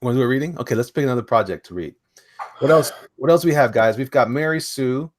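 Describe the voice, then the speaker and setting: A man hosting a casual online chat about indie comics, excitable and rambling, laughing often. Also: mid-range voice, quick pace, slight background noise. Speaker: host.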